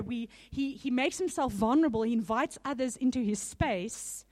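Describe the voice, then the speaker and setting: Higher-voiced woman preaching conversationally. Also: normal speed, a little mellow. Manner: conversational, earnest, laughs between points. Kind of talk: sermon.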